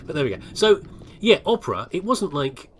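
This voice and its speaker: This gaming video host, an older man from England, has a fairly high, sing-song and slightly rough voice, and talks fairly quickly. Over the gameplay he rambles casually, makes fun of himself, and keeps stopping to start sentences over.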